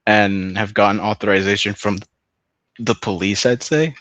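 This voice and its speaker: Brief: male streamer, casual rambling chat, swears and laughs a lot, lowish voice, dry close mic. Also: fairly even intonation, moderate pace, fairly bright tone, dry recording, lo-fi sound. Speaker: stream host.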